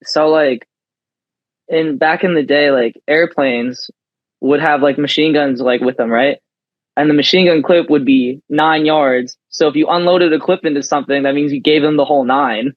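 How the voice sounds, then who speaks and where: A man's voice: fairly high pitch, normal speed, no room sound, muffled recording. A young man co-hosting a podcast, laid-back and teasing, rambling through stories with lots of fillers. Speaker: podcast co-host. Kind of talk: casual chat.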